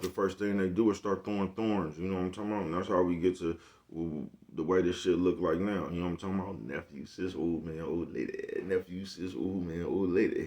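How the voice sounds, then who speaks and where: This man's deep, slightly mellow voice carries a laid-back vlog monologue. His casual talk is packed with profane slang and repeated check-ins with whoever's listening.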